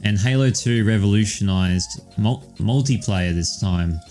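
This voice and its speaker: Man, young adult, lowish voice, rambling casual chat, faint music behind. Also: unhurried, mellow. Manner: rambling and profane, with many ums and "all right"s. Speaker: podcast co-host.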